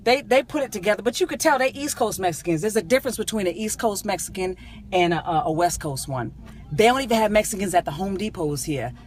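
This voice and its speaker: Animated woman ranting from her car. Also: medium pitch, quick pace, slight background noise. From San Diego, California. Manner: animated, indignant, comic storytelling. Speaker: vlogger. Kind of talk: casual storytelling rant. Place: in a car, driving.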